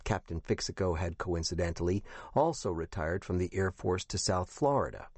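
A man with a fairly low voice reads a first-person novel in a measured, even manner. The recording is close and dry, with no room sound. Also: breathy edge, no room sound. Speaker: audiobook narrator. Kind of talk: first-person scripted narration.

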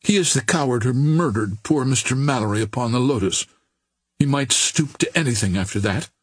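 A man's voice: medium pitch, normal speed, slightly rough, no room sound, natural voice. A man voicing a genteel young woman who speaks formally and with measure. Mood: contemptuous. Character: young genteel woman, frightened but proud.

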